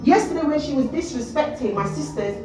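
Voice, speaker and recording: A woman with a high voice argues on a phone livestream, confrontational and swearing constantly. The sound bounces around an echoey space, with faint music playing in the background. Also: lively intonation, brisk, distant mic. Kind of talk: heated doorstep argument on a livestream. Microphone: phone held in hand.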